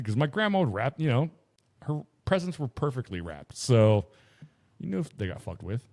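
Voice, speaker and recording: A man's voice: mid-range voice, big pitch swings, moderate pace, darkish tone. Profane, rambling man telling stories. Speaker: podcast co-host. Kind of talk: casual chat.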